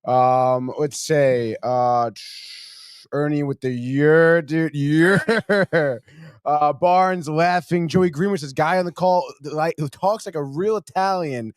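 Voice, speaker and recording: A man's voice: a little high, takes it slowly, smooth, dry recording, clean studio sound. A man co-hosting a sports podcast, easygoing and laughing often as he reads out viewer comments. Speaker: podcast producer and co-host.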